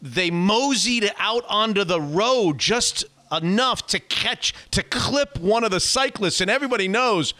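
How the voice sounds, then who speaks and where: A man with a high, bright voice hosts a casual sports podcast. He teases his co-host and reacts with quick, animated exclamations.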